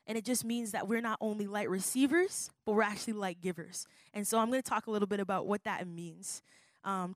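A woman's voice: mid-range voice, no room sound. A woman pastor teaching a student workshop at a youth conference, upbeat and leading the crowd in call-and-response.

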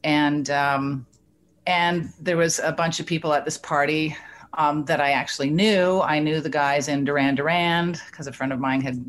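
Low-voiced Canadian woman telling a story. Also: normal speed. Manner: lively, acts out quoted voices, laughs often. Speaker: interview guest. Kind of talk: casual storytelling.

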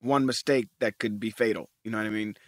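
A man in his forties, a podcast co-host in casual chat, animated and profane, repeating words when he gets excited. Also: lowish voice, fast talker, noisy background.

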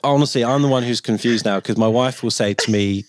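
A man's voice: mid-range voice, a little fast. A man with a British accent, a cosmetic doctor hosting a podcast and joking with guests. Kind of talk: scripted intro then casual chat.

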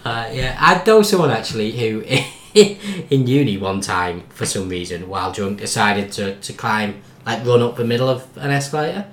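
A man co-hosting a podcast, sharing relaxed anecdotes and laughing often. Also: medium pitch, normal speed, few pauses, echoey room. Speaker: podcast co-host. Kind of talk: casual chat.

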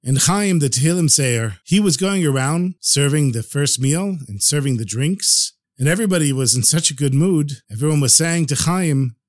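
A male podcast storyteller narrates with lively, expressive pitch. His voice sits somewhat high, and the recording is close and dry. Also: moderate pace, few pauses, no echo.

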